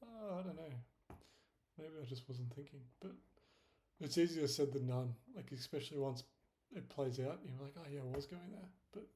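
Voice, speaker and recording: A man's voice: mid-range voice, normal speed, dark tone. A young man in casual screen-share commentary, rambling and self-deprecating, with many fillers. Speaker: trading vlogger.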